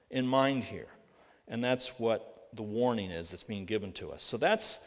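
A pastor preaching a sermon, earnest and full of rhetorical questions, slowing down to read scripture aloud. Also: male voice, mid-range voice. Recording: long reverb of a large hall.

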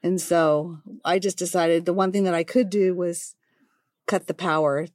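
A woman's voice: on the low side, fairly even intonation, moderate pace, darkish tone, no room sound, studio quality. A woman in her sixties, chatting and laughing as she tells her side of a family story in casual conversation. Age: 60s.

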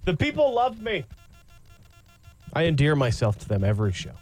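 A man's voice: fairly high pitch, wildly swooping pitch, moderate pace, a little mellow, faint music behind, poor audio. A man co-hosting a sports radio show, joking and mocking himself. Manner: teasing, self-mocking. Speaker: radio co-host.

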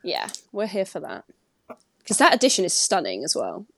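A woman's voice: fairly low pitch, wildly swooping pitch, moderate pace, creaky, a bit bright, no echo, clean studio sound. An Englishwoman co-hosting a casual podcast chat, telling stories and laughing often. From England. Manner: chatty storyteller, laughs often. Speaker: podcast co-host.

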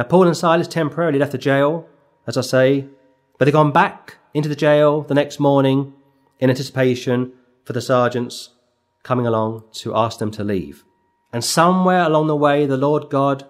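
Emphatic man preaching slowly. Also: mid-range voice. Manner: emphatic, with slow dramatic pauses; reads verse numbers aloud as he goes. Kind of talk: expository sermon.

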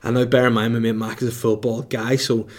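A man tells a comic story in a loose, rambling way. He laughs often and swears freely, and his pitch sits in a middle range. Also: flat delivery, brisk. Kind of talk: comedic storytelling.

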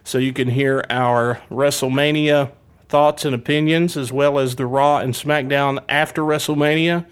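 A man's voice: mid-range voice, fairly even intonation, normal speed, clean tone. A man hosting a casual wrestling podcast, joking and rambling with playful trash talk. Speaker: podcast host.

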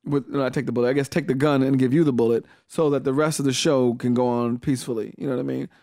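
A man's voice: mid-range voice, fairly even intonation, fast talker, dark tone, dry recording, studio quality. A man hosting a casual chat with wry, teasing questions.

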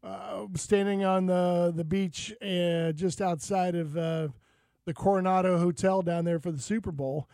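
A man's voice: high-pitched, measured pace, vocal fry, no room sound. A man hosting a casual sports and outdoors radio show, telling stories and acting out what people said. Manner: lively storyteller, acts out quotes.

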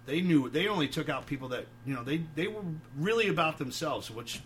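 A man's voice: a little high, expressive, brisk, fairly bright tone, slight background noise. Profane, rambling man from New York. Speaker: guest, metal band singer. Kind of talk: casual storytelling.

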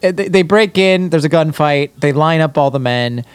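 A man's voice: a little high, moderate pace, smooth, no room sound. A man co-hosting a podcast, casually recapping a TV episode with laughs and mock quotes. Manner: laughing, rambling, mock-quoting characters. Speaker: podcast co-host.

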